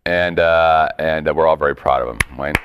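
A man's voice: rumbling low, moderate pace, highs cut off, very noisy. A man hosting a casual web show, joking around and laughing with his co-host. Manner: joking, animated, breaks into laughter and silly voices. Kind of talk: casual chat.

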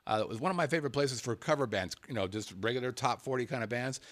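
A man hosting a casual show, chatting and reading viewer emails aloud with lively delivery. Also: mid-range voice, quick pace. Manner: animated, jumps into mock-angry voices when reading. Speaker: show host.

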